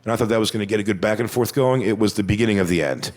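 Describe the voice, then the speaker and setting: A man's voice: fairly low pitch, racing. A man telling a crude story as a stand-up comedian, chatty and acting out what people said. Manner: crude, conversational, acts out quotes.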